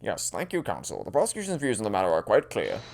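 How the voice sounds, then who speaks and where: A man voicing a stately older British judge from a game, speaking in a measured, formal way with a low, quiet voice. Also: huge pitch swings, creaky, a little hiss or hum, full character voice.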